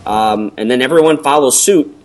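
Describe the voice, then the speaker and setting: A middle-aged man co-hosting a casual talk, rambling and hesitant, with many pauses and ums. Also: mid-range voice, a little mellow. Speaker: podcast co-host. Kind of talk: casual conversation.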